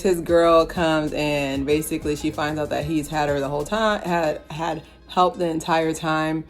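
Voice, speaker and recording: Rambling woman reviewing a movie casually. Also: deep voice. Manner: rambling, slangy, filler-heavy.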